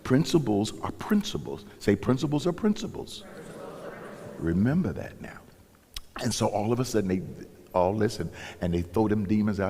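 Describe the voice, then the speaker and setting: A man delivers a sermon with a low, husky, mellow voice that swings widely in pitch. He tells the story with animation and acts out the characters' lines in different voices. His voice carries the long reverb of a large church sanctuary. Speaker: pastor.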